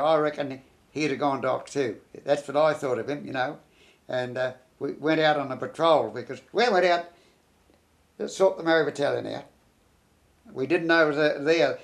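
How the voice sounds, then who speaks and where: Older veteran interviewee, gravelly fry in the voice, rambles and restarts as he recalls. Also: fairly high pitch. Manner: rambling, halting, many restarts and "you know". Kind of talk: reminiscing interview.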